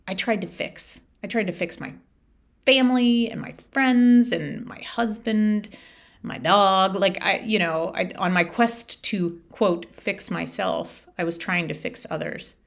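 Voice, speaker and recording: A woman's voice: mid-range voice, a little slow, gravelly. A middle-aged woman life coach hosting a solo podcast, talking in an earnest, heartfelt way with lots of repetition. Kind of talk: reflective solo podcast talk.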